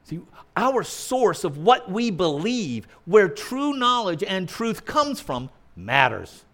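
Male preacher with a high, animated voice; punchy and argumentative, drops to quiet asides. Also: slow. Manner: emphatic, argumentative, mimics opponents' objections; swings between loud punchy lines and quiet asides. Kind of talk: sermon.

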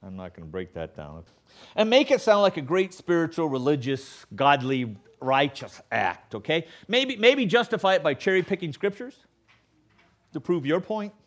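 A man preaching a sermon as pastor, animated and sarcastic, acting out the excuses of others. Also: fairly high pitch, normal speed. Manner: animated, acts out quoted voices with sarcasm.

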